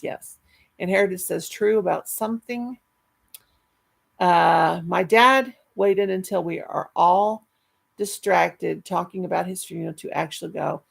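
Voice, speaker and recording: A woman's voice: on the low side, creaky, slightly rough. A middle-aged woman hosting a casual live stream, reading chat and rambling fondly with many restarts. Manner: chatty, affectionate, rambling with restarts.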